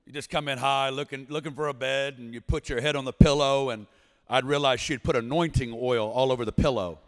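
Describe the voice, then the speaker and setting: Telling his testimony as a guest in a large church sanctuary, an Arkansas preacher in his forties speaks at a medium pitch and a fairly quick pace. He's lively and story-like, shouting now and then, while the hall's reverb trails on.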